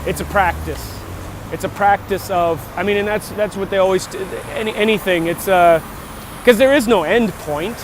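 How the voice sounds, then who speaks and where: In this walk-and-talk vlog, a man with a high voice speaks at a moderate pace on a morning stroll near traffic, background noise audible. He rambles and reflects casually, frequently cutting himself off and starting over.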